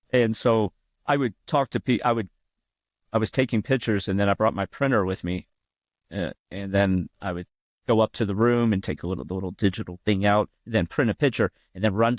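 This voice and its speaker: A man's voice: on the low side, fairly quick, no room sound, clean studio sound. A man, a guest pool player, talking casually in an interview and rambling with many restarts.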